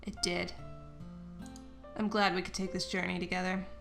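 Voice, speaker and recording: A woman's voice: lowish voice, level tone, normal speed, creaky, a bit bright. A young woman co-hosting a let's play, chatting casually and rambling with lots of giggles, with game music behind her. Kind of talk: casual gaming chat.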